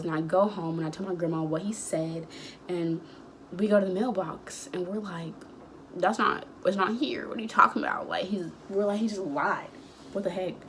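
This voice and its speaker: A young woman in her late teens chatting casually, rambling through a storytime and acting out the dialogue with sudden high outbursts. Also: a little mellow, slight background noise. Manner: acts out quoted dialogue. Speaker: vlogger.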